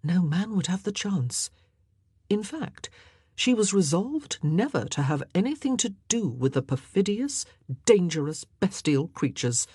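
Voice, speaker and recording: A woman narrates a historical novel with expressive, measured delivery. Her voice sits low, breathy and husky, with a lively, rolling intonation. The sound is dry and close, with no room around it. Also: dry recording. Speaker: audiobook narrator.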